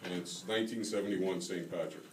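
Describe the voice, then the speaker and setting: A man reading aloud from his own second-person memoir novel at a graduate reading, in a steady, measured way. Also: deep voice, a little hiss or hum. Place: reading event hall. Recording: roomy hall, taken from far off.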